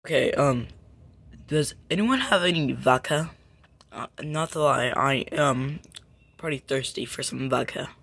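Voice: mid-range voice, unhurried, gravelly, a bit bright, slightly rough, no room sound, full character voice. Someone putting on a grumpy Russian-accented plush bunny. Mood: boastful. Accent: put-on Russian. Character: tie-dye plush bunny, grumpy, craving vodka.

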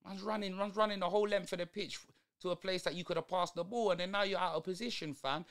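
A man's voice: high voice, fairly even intonation, quick pace. A young man, ranting in slang through a live football watch-along stream. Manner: exasperated, slangy ranting at the match.

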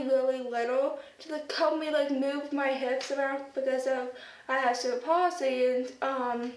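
A woman chatting casually to her camera as a vlogger, rambling with lots of fillers. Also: high voice. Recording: roomy echo, distant mic, faint noise.

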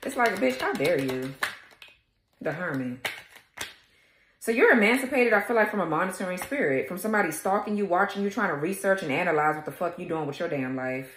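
A woman's voice: on the low side, animated, brisk, fairly bright tone, reverberant, a little hiss or hum. A woman doing a casual tarot reading for her viewers, blunt, sassy and full of swearing. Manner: talks straight to viewers, laughing at times. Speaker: tarot reader.

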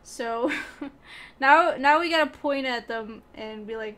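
A woman's voice: on the high side, fairly even intonation, takes it slowly, fairly bright tone. A young woman streaming a game, chatting playfully with teammates and chat and often breaking into giggles. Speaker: gaming streamer. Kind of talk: casual gameplay commentary.

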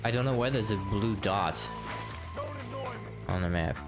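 A man with a fairly low voice keeps up a loose, profane running commentary while he plays. He chats back and forth with his viewers between moments of action. Game music and horse hooves carry on clearly behind him. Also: a little slow. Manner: chatty and profane, answering chat while playing. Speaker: game streamer. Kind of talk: casual live gameplay commentary.

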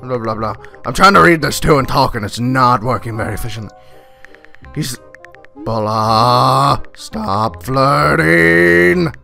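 A man voicing a hot-tempered, proud alien warrior father in a comedic reaction parody, foul-mouthed and indignant, with a gravelly voice. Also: medium pitch, expressive, takes it slowly, bright, forceful tone, soft background music, exaggerated voice. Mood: disgusted grumbling.

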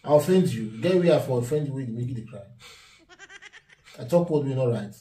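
Pleading Nigerian man, lively pitch. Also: a little fast, echoey room, far from the mic, slight background noise. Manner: pleading, repeats the same worried questions. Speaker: husband in a prank video. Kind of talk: casual home vlog.

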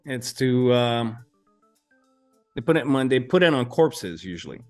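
A man hosting a casual podcast chat, relaxed and profane and enthusiastic about film. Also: mid-range voice, unhurried, faint music behind. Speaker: podcast host.

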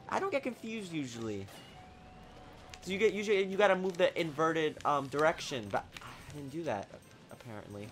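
Male gamer, excitable play-by-play, slightly high voice, bursts from mutters into yells. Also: moderate pace, faint music behind. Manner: excitable, talks at the game, swings from mutters to shouts. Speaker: gaming channel host. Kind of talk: live gameplay commentary.

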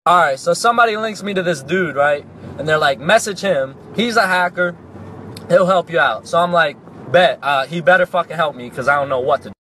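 Animated young man with a high voice. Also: a little fast, a little hiss or hum. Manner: animated, profane, jumps into sudden shouts. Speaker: comedic storyteller. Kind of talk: casual comedic storytelling.

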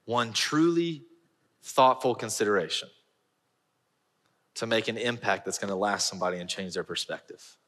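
A man preaching a sermon as pastor, telling a funny personal story with lively, self-mocking delivery. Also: on the low side, moderate pace, long pauses, in a large hall. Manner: animated storyteller, laughing at himself. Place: large church auditorium.

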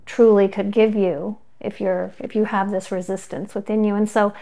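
A woman co-hosting a podcast, speaking calmly and reflectively in casual conversation. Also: medium pitch, moderate pace, creaky. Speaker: podcast co-host.

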